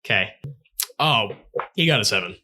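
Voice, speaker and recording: A man's voice: lowish voice, animated, moderate pace, sharp tone. A man narrating a tabletop game as game master, often breaking into laughter.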